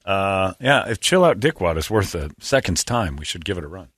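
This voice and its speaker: A man's voice: low-pitched, sing-song, fairly quick, fairly bright tone, husky, no echo, clean studio sound. A man hosting a radio morning show in casual, joking banter, rambling and chuckling between phrases. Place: radio studio.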